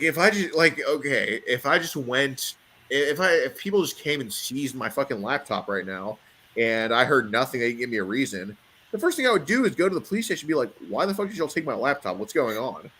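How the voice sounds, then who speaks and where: A man's voice: medium pitch, animated, moderate pace, sharp tone, slight background noise. Hesitant swearing young man. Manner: hesitant, swearing, frequent restarts. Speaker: panel guest. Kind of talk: casual online panel chat.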